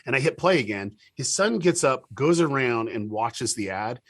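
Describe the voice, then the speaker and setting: A man being interviewed as a TV producer, telling stories in a lively way, with many restarts and acted-out quotes. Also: mid-range voice, moderate pace, no echo. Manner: animated storyteller with many restarts and quoted dialogue. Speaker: guest, TV show producer. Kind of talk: casual interview talk.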